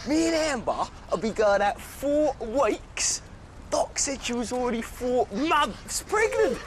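A man's voice: very high-pitched, sing-song, slow, full character voice. An actor playing a brash young lad and new dad in a comedy sketch, bragging and laughing at his own jokes. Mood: boastful. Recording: noisy sketch show audio.

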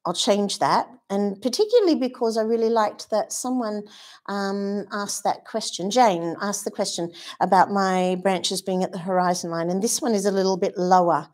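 A woman runs a live watercolour lesson in a mid-pitched voice. She talks her choices through out loud as she works and gushes over her colours and brushes. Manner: chatty, thinks aloud while painting, gushing. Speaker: watercolour art teacher. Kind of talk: live painting demonstration.

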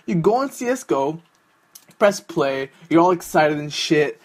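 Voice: medium pitch, lively intonation, unhurried. Profane, mocking young gaming commentator. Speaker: gaming YouTuber.

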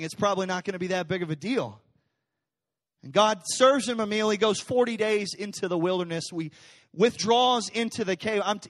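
A male pastor preaching a sermon in a church, animated and conversational, swinging between loud, intense passages and hushed, soft ones. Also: sits high. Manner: casual, conversational phrasing with fillers. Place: church sanctuary.

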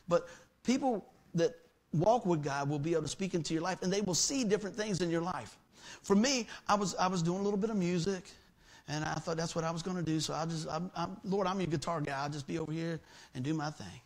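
A man's voice: high voice, lively intonation, fast talker, fairly bright tone. A middle-aged man preaching a sermon in a church as pastor, telling stories with humor and acting out the voices in them. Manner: folksy storytelling, acts out quoted voices, jokes with congregation.

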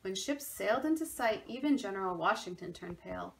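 A woman reads a children's story aloud at home, expressive and clear as she lets the narration rise and fall. Her voice sits at a middle pitch, with faint background noise. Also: a little fast, rough recording. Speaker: museum education manager.

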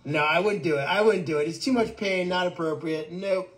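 A man's voice: high voice, a little fast. A man hosting a casual livestream from an animal sanctuary, answering viewer comments in a joking, rambling way with stammered restarts.

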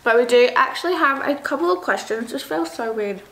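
Casual young Australian woman vlogger, a bit high with gravelly fry, echoey room. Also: animated, a little fast, fairly bright tone. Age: young adult. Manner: giggly, talks while eating. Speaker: vlogger host. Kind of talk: casual mukbang chat. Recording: echoey room with faint noise.

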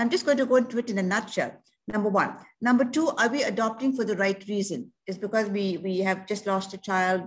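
A woman counselor explaining adoption in a talk show, earnest and reassuring, with many rhetorical questions. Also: medium pitch.

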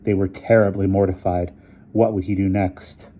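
A man reading a short story aloud in measured narration. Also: deep voice, little pitch movement, warm tone, muffled recording, a little hiss or hum. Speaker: reader. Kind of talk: scripted narration.

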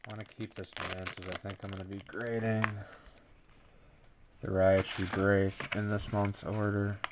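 A tired man casually narrating a card pack unboxing, low-key and unhurried. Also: level tone, heavy background noise. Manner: low-key, unhurried commentary with filler words. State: tired and sleepy. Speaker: YouTuber opening a card pack.

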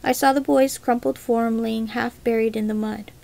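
A woman reading a first-person story aloud as a storyteller, with a measured, dramatic delivery. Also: fairly high pitch, steady tone, vocal fry, a little mellow. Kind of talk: scripted first-person narration.

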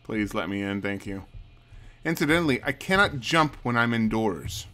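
Faint music plays behind a man with a lowish, somewhat bright voice who comments animatedly at a moderate pace while playing a co-op video game with a friend. He's chatty and swears now and then, laughing as he reads the on-screen dialogue aloud.

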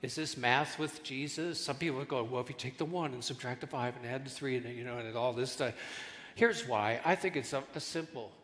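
A man's voice: medium pitch, fairly quick. A man preaching a sermon as pastor, telling stories and acting out voices in his jokes. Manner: animated storytelling, acts out voices in jokes. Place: large church hall. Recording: reverberant church hall.

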